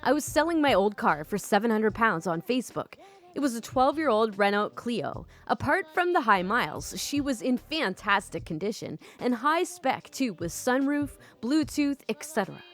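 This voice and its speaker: A young woman reads internet stories aloud and chats about them as a storytime host. Her voice is fairly high and very lively, with a giggly, casual manner and some swearing. Faint music runs under her voice. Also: normal speed. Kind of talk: reading online stories with commentary. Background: faint background music.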